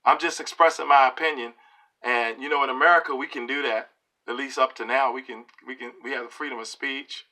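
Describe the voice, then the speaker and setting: A middle-aged man talks straight to camera in a vlog, sounding preachy and emphatic and checking in with his listeners. His voice is bright and forceful at an ordinary male pitch. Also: fairly even intonation, a little fast. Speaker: video blogger. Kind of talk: opinion monologue to camera.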